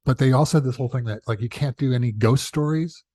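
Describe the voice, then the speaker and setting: A man being interviewed as a television showrunner, telling chatty, animated stories and acting out the dialogue he quotes. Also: fast, husky, dry recording. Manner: animated, acts out quoted dialogue with big pitch jumps; chatty, self-correcting, laughs at own asides. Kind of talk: casual interview storytelling.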